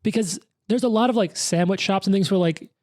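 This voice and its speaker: A speaker on a tabletop game podcast going off on enthusiastic tangents, rushing ahead when excited. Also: medium pitch, no room sound, clean studio sound. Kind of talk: casual chat.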